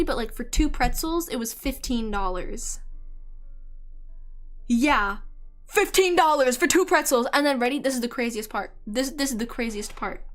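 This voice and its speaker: High-voiced, giggly young woman streamer. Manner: rambling, animated, giggly storyteller. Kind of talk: casual chat.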